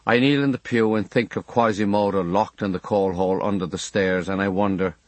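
A man's voice: sits low, steady tone, a little fast, no echo. A man reading a memoir audiobook in a wry storytelling manner. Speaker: audiobook narrator.

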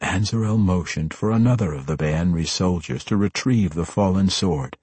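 A man reading scripted fantasy narration in a measured, expressive manner. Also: sits low, slightly rough, no echo. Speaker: audiobook narrator.

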